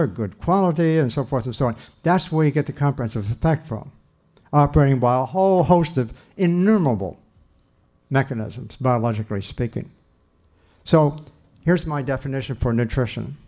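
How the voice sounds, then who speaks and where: A man's voice: medium pitch, mellow. An older man giving a lecture on nutrition in an earnest, emphatic way, often restarting his sentences. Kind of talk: lecture talk.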